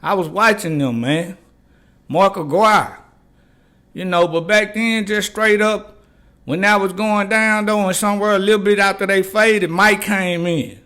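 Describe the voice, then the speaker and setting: A man's voice: sits high, fairly even intonation, a little slow, pushed and bright. An older man hosting a casual sports talk show, rambling loosely in slang and repeating "man" and "you know what I'm saying.". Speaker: podcast host. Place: garage.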